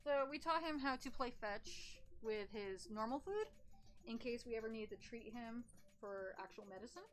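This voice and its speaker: A woman streaming casually from home, switching between baby talk to her cat and blunt, profane asides. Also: a little high. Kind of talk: casual livestream chat. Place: at home in a room with a TV.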